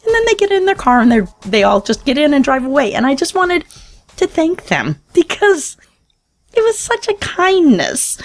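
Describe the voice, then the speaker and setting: Brief: woman podcast host, fairly high voice, very expressive storytelling. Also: normal speed. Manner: animated, laughing storyteller. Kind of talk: casual chat, storytelling.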